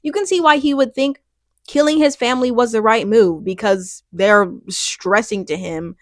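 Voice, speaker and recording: Young woman vlogger, chatty and animated, laughs through her points; dead-dry room sound. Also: fairly high pitch, moderate pace, dry recording. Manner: animated, rambling, laughs often, restarts. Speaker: youtuber reviewing a TV finale. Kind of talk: casual chat.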